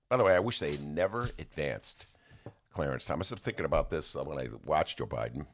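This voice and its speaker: A man's voice: extremely low pitch, a little fast. A man hosting a casual studio podcast, joking and slipping into impressions as he talks. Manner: animated, jokey, slips into impressions. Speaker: podcast host. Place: radio studio.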